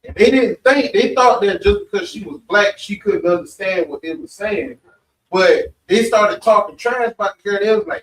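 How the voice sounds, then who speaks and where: A man's voice: high-pitched, moderate pace. A man speaking at a religious meeting, telling stories in a blunt, profane, conversational way with frequent asides. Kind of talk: informal preaching and storytelling. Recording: echoey room, mic far off.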